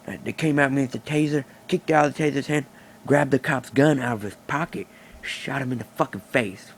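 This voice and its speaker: A man's voice: medium pitch, creaky, slight background noise. A man telling a rambling, profane, boastful improvised stand-up story into a phone. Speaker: amateur comedian.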